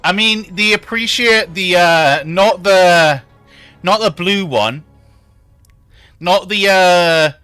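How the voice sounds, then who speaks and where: A man's voice: sits high, takes it slowly, bright, forceful tone, clear, resonant tone, dry recording, faint music behind. A man giving casual, joking commentary while streaming a game and chatting with viewers. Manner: joking, laughs, chats with viewers.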